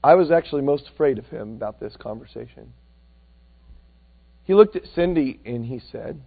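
A man preaching a sermon that is full of stories, animated, swinging between loud and hushed. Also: medium pitch, normal speed, creaky, long pauses. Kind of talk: sermon with storytelling. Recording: tinny phone-like sound.

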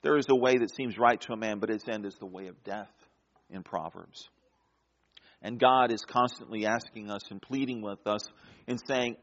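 A man preaching a sermon, swinging between loud, emphatic lines and hushed, quiet ones. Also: medium pitch, animated, measured pace, lo-fi sound.

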